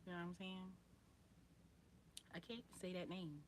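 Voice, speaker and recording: A woman hosting a casual livestream, rambling in relaxed slang and greeting viewers by name. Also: lowish voice, normal speed, a little hiss or hum. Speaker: livestream host.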